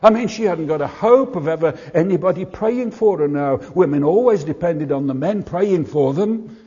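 A man's voice: a little high, expressive, moderate pace, warm tone, husky. An older man preaching a sermon in an earnest, emphatic way, repeating his points. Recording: muffled hall recording with long reverb.

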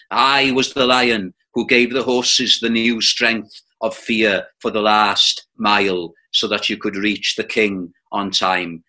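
A preacher voicing a vast, calm male lion speaking from the dark in a storybook reading. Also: lowish voice, exaggerated voice.

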